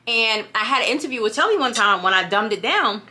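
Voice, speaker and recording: A woman's voice: fairly high pitch, expressive, a little fast, pushed and bright. A young woman from New York with a New York accent, chatting casually and animatedly to her camera, often dropping "you know what I'm saying". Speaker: vlogger.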